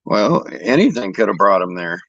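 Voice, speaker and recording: A man's voice: lowish voice, very animated, moderate pace, fairly bright tone, breathy edge, dry recording, lo-fi sound. A man from the American Midwest, casually chatting and telling long rambling anecdotes with some swearing. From Indianapolis, United States. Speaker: storyteller in a chat. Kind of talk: casual chat.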